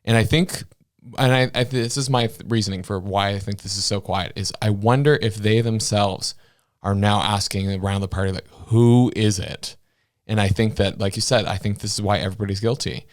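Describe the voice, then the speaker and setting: A man's voice: on the low side, fairly even intonation, moderate pace. A man from Canada's Maritime provinces co-hosting a political podcast, blunt and passionate, with crude jokes. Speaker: podcast co-host. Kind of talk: political commentary chat.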